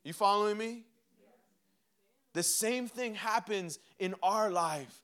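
A young man preaching a sermon, animated and humorous, acting out little dialogues with himself and God. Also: sits high, slow. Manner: mixes laughter and humor into preaching. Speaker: pastor.

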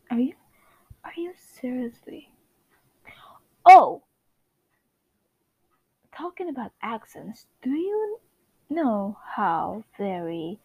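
A woman's voice: mid-range voice, slightly rough, phone-quality sound. A woman hosting her first solo podcast, chatting nervously and rambling. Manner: nervous, rambling and self-conscious. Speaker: podcast host. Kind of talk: casual solo chat.

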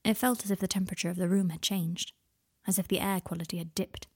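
A woman narrating her own story in a soft, hushed, unhurried way. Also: on the low side, steady tone, slightly rough. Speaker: author and reader.

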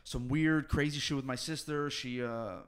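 A nutritionist and weight-cut coach chatting on a podcast, telling his story quickly, swearing freely and acting out what people said. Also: medium pitch, fairly even intonation, a bit bright. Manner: fast storytelling, swears often, acts out quotes. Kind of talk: casual podcast chat.

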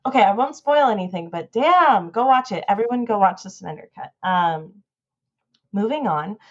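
A woman co-hosting a casual podcast, talking in excited, rambling fan rants. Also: medium pitch, normal speed, dull audio. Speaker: podcast co-host.

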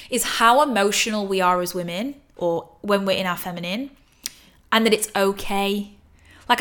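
An earnest young woman talks through her solo podcast in a casual, emphatic way, with the odd swear word for punch. Her voice sits at an ordinary middle pitch. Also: a bit bright. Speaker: podcast host.

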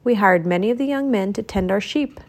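A woman voicing a worried, kind old farm woman in a storybook reading, speaking slowly and gently. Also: mid-range voice, close to an everyday voice. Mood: sad. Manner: slow, gentle, sad.

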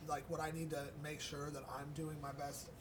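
A man's voice: monotone, normal speed. A man in casual podcast chat, talking in a loose, reflective way with many fillers. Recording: noisy with low rumble, distant from mic.

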